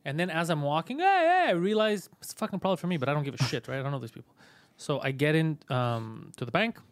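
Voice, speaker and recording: Fast-talking, profane man. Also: fairly high pitch, no echo. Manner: fast, profane, animated storyteller. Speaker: comedian podcast host. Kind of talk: casual storytelling chat.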